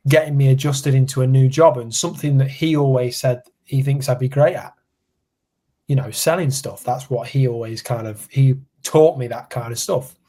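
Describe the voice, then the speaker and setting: A young man from England tells a story on a casual podcast. He slips into other people's voices to act out what they said. His pitch sits in the middle range for a man. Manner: animated storyteller, acts out quotes. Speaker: podcast co-host.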